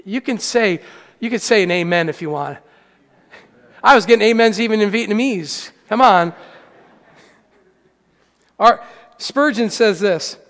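A man preaching a sermon as pastor, swinging from hushed to loud and calling out to the congregation. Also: sits high, gravelly. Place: church hall. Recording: echoey hall.

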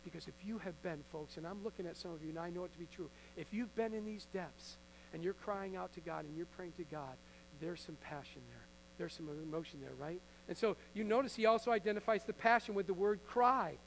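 A pastor preaching a sermon to a live congregation in an earnest, conversational way, sometimes acting out Bible figures. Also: male voice, high-pitched, a little fast, vocal fry, a little hiss or hum, poor audio. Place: church before a congregation.

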